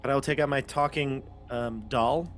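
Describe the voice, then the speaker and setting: A man's voice: mid-range voice, steady tone, moderate pace, faint music behind. A man playing a tabletop game, in a playful way with in-character asides. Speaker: player. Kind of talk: casual tabletop play.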